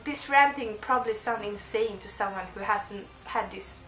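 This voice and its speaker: A woman's voice: medium pitch, normal speed, a bit bright, echoey room, soft background music. A young woman vlogging to camera, gushing and rambling with lots of restarts. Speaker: book vlogger. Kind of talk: casual monologue to camera.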